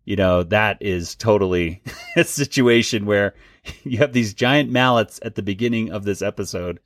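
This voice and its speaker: A man's voice: on the low side, normal speed, no echo, clean studio sound. A man hosting a casual podcast chat, talking loosely and laughing often. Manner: chatty, laughs often, restarts. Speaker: podcast host.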